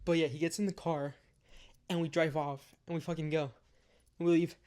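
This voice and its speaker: A young man recounts a wild night in a loose, conversational storytime. His voice sits a little on the high side, and he leans on filler words and casual swearing as he rambles forward. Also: flat delivery, normal speed, darkish tone.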